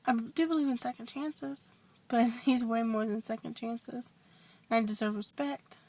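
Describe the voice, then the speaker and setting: A woman telling a personal story in a confessional vlog, hesitant and rambling with many restarts, sometimes dropping to a soft whisper. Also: on the high side. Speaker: vlogger.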